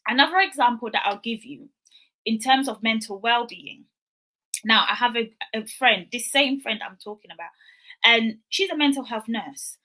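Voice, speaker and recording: Woman, young adult, wellness speaker: bright voice, earnest and chatty delivery. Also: a little high, moderate pace. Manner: earnest, conversational, acts out quoted dialogue. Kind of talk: motivational talk.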